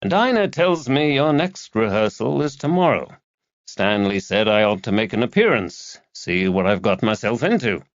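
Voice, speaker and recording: A man voicing a soft-spoken, courteous earl with a New England accent. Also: on the low side, big pitch swings, normal speed, no echo, dull audio. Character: gentle American earl, soft-spoken scholar.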